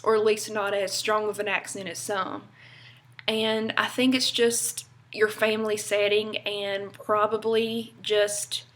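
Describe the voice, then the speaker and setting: A woman's voice: medium pitch, fairly bright tone. A young woman from North Carolina with a Southern accent, chatting casually to camera in a rambling way with lots of fillers. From North Carolina, USA. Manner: chatty, rambling, many fillers and little laughs. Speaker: vlogger.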